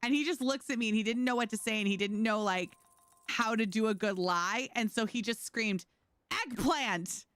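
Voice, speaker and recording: A woman's voice: on the high side, normal speed, a bit bright, slight background noise. A woman streamer chatting casually with her viewers while playing, telling stories and laughing often. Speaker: game streamer. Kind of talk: casual livestream chat.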